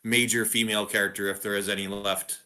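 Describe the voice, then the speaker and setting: Bright-voiced man, stammering and easygoing. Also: fairly low pitch, flat delivery, fast talker. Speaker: co-host and reader. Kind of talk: casual stream chat.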